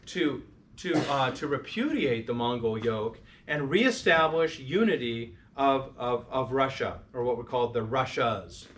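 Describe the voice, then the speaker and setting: Speaking to a parish group in a church or parish hall, a man delivers a relaxed history lecture full of restarts and questions for those listening. The voice is mid-range and slightly bright, with a touch of background noise.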